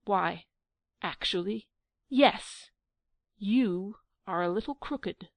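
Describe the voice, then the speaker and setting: A woman's voice: mid-range voice, takes it slowly, creaky, dry recording. A woman reading an audiobook and voicing an indignant young prince who mocks his sweetheart. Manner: mocking, laughing and indignant.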